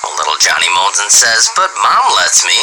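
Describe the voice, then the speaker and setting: A man reading dirty jokes aloud as an animated storyteller who starts many lines with "well". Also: sits low, moderate pace, background noise.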